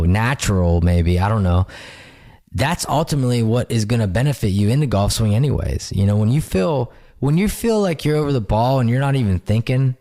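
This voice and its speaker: A man's voice: lowish voice, mellow. A man hosting a podcast, chatting casually and easygoing with his guest. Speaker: podcast host. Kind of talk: casual chat.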